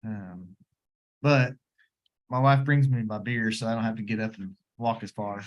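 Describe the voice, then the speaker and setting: A man's voice: fairly low pitch, steady tone, moderate pace, dull audio, close to an everyday voice. Man doing a folksy grandpa patient, put-on drawl, rambling, laid-back. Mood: easygoing, rambling. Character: folksy grandpa patient with back pain, easygoing, beer-loving. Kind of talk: role-play of a patient's spoken history.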